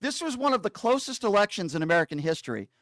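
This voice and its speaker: A man's voice: sits high, sing-song, fast, fairly bright tone, no echo, studio quality. A man hosting a call-in show, combative and insulting, cutting callers off. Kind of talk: heated call-in debate.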